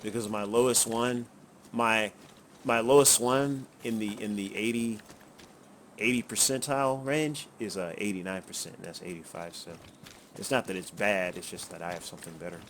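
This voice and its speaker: A man with a fairly low voice chats loosely over his gameplay, wandering from point to point with chuckles and casual cursing. Steady background noise runs under the recording. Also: moderate pace. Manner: rambling, chuckling, swears freely. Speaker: gameplay commentator.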